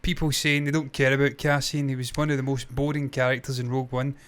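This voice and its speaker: A man's voice: medium pitch, little pitch movement, fast, a bit bright, clean tone. A man co-hosting a casual TV reaction chat, blunt, opinionated and swearing freely. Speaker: co-host.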